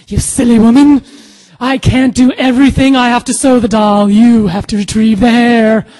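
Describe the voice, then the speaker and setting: A smooth, scheming male coworker handing out orders in a dry, flat way, voiced by a woman telling a story. He sounds certain and unhurried. A long hall reverb hangs behind him. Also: a little high, voice pushed up, natural voice. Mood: bossy.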